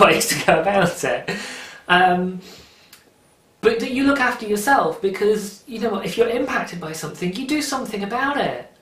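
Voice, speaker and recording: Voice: mid-range voice, fairly bright tone. Podcast host giving earnest encouraging advice, sounds a bit far off in an echoey room. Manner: earnest and encouraging, with frequent restarts and laughs. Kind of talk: casual solo podcast monologue. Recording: roomy, distant from the mic.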